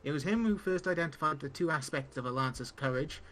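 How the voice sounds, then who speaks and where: A man voicing a gruff old male tavern keeper and former lancer, reading game dialogue aloud with pirate-esque speech. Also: on the high side, fast talker, a bit bright, a little hiss or hum, natural voice, low-quality recording. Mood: storytelling. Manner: pirate-esque speech with dropped g's and "aye".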